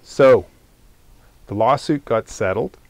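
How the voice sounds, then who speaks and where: Man host, mid-pitch voice, dry deadpan jokes, steers the chat to news. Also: slow, dry recording. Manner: dry, deadpan joking, leads into the news topics. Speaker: podcast host. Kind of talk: casual chat.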